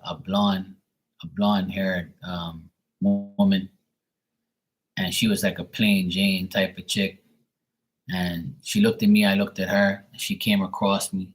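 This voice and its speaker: On a low-quality recording, a man with a voice on the low side hosts a live stream where he gives readings. He rambles through a casual story in streetwise slang, swearing often and playing both parties in the conversations he recounts.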